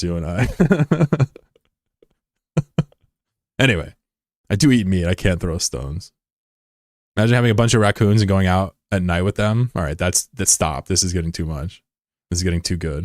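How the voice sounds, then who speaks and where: A man streaming a game and chatting casually, rambling and swearing, who jumps into high-pitched shouting when something excites him. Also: normal speed, long pauses, no echo, clean studio sound. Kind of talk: casual live-stream chat over gameplay.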